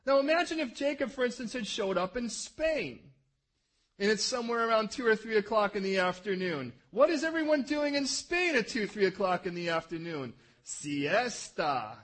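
A man preaching a relaxed, conversational sermon, his voice pitched high for a man and somewhat husky. He tells the story in a chatty way and keeps asking his listeners rhetorical questions.

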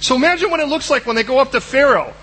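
A man preaching a sermon in a lively, animated way, acting out the voices of Bible figures. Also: very high-pitched, rapid-fire, slight background noise, low-quality recording.

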